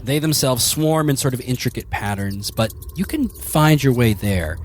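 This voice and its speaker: A man's voice: mid-range voice, lively intonation, normal speed, slight background noise. A man narrating as game master of a tabletop game, rambling with lots of fillers. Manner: rambling, full of fillers and restarts.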